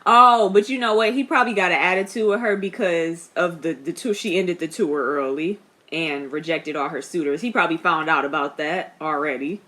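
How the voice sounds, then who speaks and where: A young woman reacting to a TV series in a casual, chatty way. She talks straight at the screen and laughs often. Her voice is a little low in pitch but bright and forceful. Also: normal speed. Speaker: reaction vlogger.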